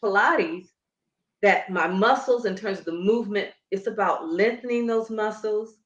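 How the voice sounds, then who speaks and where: A woman's voice: mid-range voice, moderate pace, highs cut off. A woman who coaches Pilates and breathing, explaining emphatically in a conversational interview. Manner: emphatic, instructive, demonstrating as she explains. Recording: echoey room.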